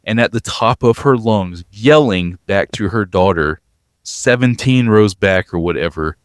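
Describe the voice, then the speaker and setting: A man co-hosting a podcast, telling a long travel story in an animated way and sounding worn out. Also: lowish voice, a little slow, no room sound, studio quality. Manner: animated storyteller, acts out quoted voices. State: exhausted after a long travel day. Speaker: podcast co-host.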